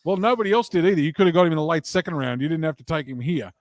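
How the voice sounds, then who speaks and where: A man's voice: a little high, expressive, racing, no room sound, studio quality. A man, a comedian guest chatting and telling wry, laid-back anecdotes. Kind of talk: casual chat, storytelling.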